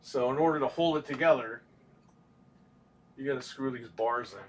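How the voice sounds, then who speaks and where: A man's voice: mid-range voice, moderate pace, slight background noise. Profane, rambling man chatting on stream. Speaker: podcast co-host. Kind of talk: casual livestream chat.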